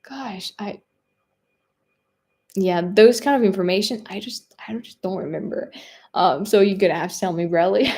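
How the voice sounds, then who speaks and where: Young French-accented woman, casual livestream host, rambling and chatty, mid-pitched. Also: gravelly, mellow. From France. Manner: chatty, rambling, frequent fillers and laughs. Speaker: livestream host reading viewer chat. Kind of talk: casual live-stream chat.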